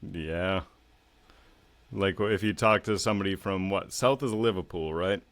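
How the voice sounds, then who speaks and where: A man's voice: deep voice, measured pace, fairly bright tone. A man from south of Boston with a light Boston accent, hosting a casual podcast chat, laid-back, swearing freely and laughing often. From Massachusetts, south of Boston. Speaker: podcast host.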